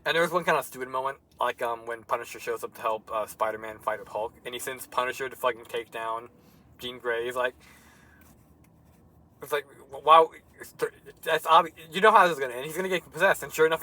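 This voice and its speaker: A man's voice: mid-range voice, fast talker, bright, forceful tone, rough recording. A young man in casual chat, ranting heatedly and swearing a lot as he co-hosts. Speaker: co-host.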